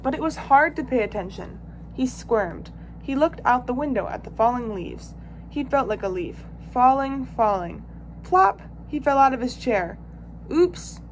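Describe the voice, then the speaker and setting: High-voiced lady reading a children's picture book, lively and expressive. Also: moderate pace, a little hiss or hum. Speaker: volunteer reader. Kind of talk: children's book read-aloud.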